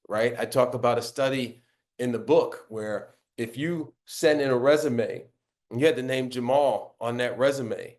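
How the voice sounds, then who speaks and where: A man with a baritone voice answers as the interview guest. He explains his points earnestly and often tags his sentences with "right?". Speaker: author and guest.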